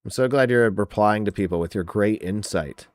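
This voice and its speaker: A man's voice: fairly low pitch, normal speed, no echo. A man hosting a podcast in casual chat, mocking and profane as he trash-talks and reads out viewer comments. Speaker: podcast host.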